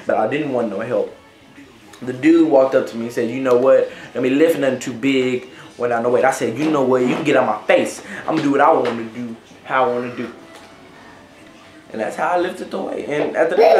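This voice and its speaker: A man's voice: mid-range voice, brisk, a little mellow. A young man casually telling a story to camera, rambling, with lots of fillers and "right?" tags. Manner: rambling, filler-heavy, says "right?" often. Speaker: vlogger. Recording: echoey room.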